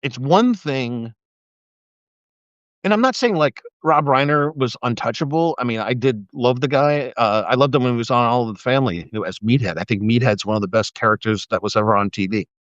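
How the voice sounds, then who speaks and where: A man's voice: medium pitch, fairly quick, fairly bright tone, no echo. Rambling ex-cop man, lo-fi stream. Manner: rambling, storytelling, swears freely. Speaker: live streamer, former police officer. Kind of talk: casual live-stream monologue.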